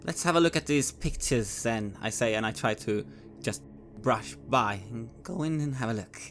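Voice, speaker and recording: A man playing his character in a tabletop game, calmly describing his actions. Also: mid-range voice, moderate pace, faint music behind. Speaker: player.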